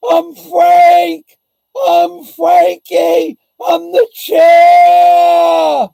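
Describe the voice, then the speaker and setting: A man's voice: extremely high pitch, monotone, extremely slow, creaky, warm tone, no echo, raised voice, pitched above the performer's own voice, exaggerated voice, rough recording. A man putting on a whiny, self-pitying man who wails that everyone betrays him. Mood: wailing. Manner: shrieking, wailing complaints.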